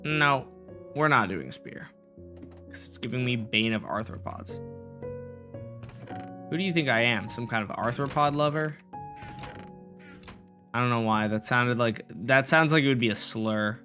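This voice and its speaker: A man's voice: medium pitch, a little slow, long pauses, pushed and bright, soft background music. A young man casually chatting and joking with his live-stream chat while building in a block game, rambling and goofy.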